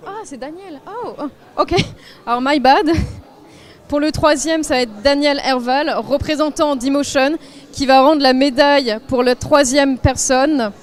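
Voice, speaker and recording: A woman with a very high voice and a strong French accent presents a live podium ceremony. She talks in a chatty, self-deprecating way and trips over the names she reads out. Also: moderate pace. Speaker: on-site event presenter.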